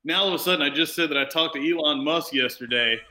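Brief: man with a bright, slightly high voice, a comic storyteller who swears a lot, over a video call. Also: fast, rough recording. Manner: animated, swears a lot, acts out quoted people. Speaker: comedian turned software salesman. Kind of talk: profane casual storytelling.

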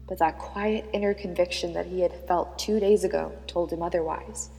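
A woman narrating a serialized story in a measured, dramatic manner. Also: fairly low pitch, fairly even intonation, darkish tone. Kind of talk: scripted audiobook narration. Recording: long reverb with background music.

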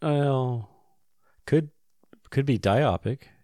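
A man hosting a casual podcast, joking in a dry, deadpan way. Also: mid-range voice, very slow, no echo. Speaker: podcast host. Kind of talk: casual chat.

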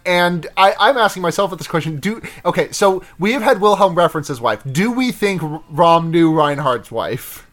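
Man co-host, fairly high voice, halting recap style. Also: expressive, a bit bright. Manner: hesitant, many "um" and restarts, quick to laugh. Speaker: podcast co-host. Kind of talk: casual chat recapping an episode.

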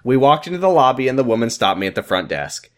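A man's voice: mid-range voice, big pitch swings, quick pace. A man co-hosting a comedy podcast, reading fanfiction aloud with dry asides.

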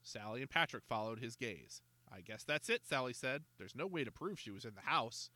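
A man reads a children's storybook aloud, his voice bright and ringing, rising and falling freely across each sentence. The sound is close and dry, with no room around it. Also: mid-range voice, fairly quick, no echo. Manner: lively, expressive storytelling. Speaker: narrator. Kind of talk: scripted storybook narration.

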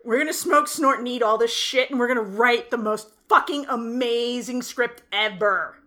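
Woman co-host, casual film rant, somewhat high voice, animated and profane storytelling. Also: normal speed. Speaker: podcast co-host.

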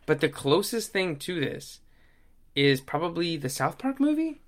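A man co-hosting a casual podcast chat, relaxed and hedging, with many fillers. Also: fairly high pitch, a little slow. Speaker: podcast co-host.

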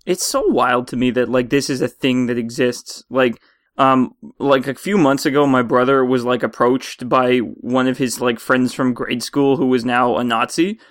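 A man's voice: medium pitch, steady tone, normal speed. A man co-hosting a casual comedy podcast, rambling and swearing for laughs. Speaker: podcast co-host.

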